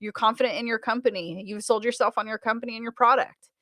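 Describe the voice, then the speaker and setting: A woman with a fairly high, sharp voice talks fast in a steady tone, recorded in clean, echo-free studio sound. She's an American car sales trainer guesting on a casual interview, chatting energetically, laughing often, and restarting sentences.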